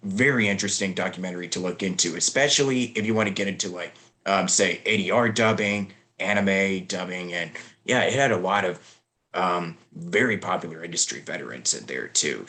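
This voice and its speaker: A man's voice: sits low, moderate pace, bright, forceful tone. Young male host, rambling with fillers. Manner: rambling, many fillers, laughs often. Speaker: podcast host. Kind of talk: casual interview chat.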